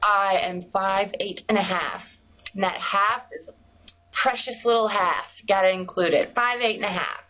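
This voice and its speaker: A woman's voice: medium pitch, steady tone, unhurried, pushed and bright, low-quality recording. A young woman, chatting casually to camera in a bubbly, rambling way. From United States. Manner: bubbly, rambling, heavy use of "like". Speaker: vlogger.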